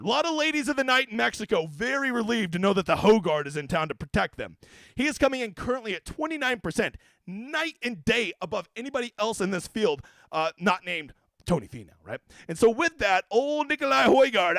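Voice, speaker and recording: A man's voice: sits high, fairly bright tone, dry recording. A man hosting a casual fantasy golf livestream, talking in brash, profane, joking rants. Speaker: fantasy sports golf analyst.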